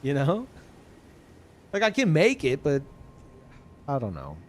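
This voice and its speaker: Male streamer, loose and profane, rambling casual chat, pitch swings around a lot. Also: wildly swooping pitch, slow. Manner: rambling, swearing, restarts sentences often. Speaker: livestreamer. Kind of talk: casual chat to a live audience.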